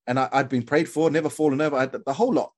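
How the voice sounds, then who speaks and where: A man from New Zealand with a New Zealand accent, a podcast guest telling a long story in a casual, animated way, full of fillers, restarts and "bro". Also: mid-range voice, rapid-fire.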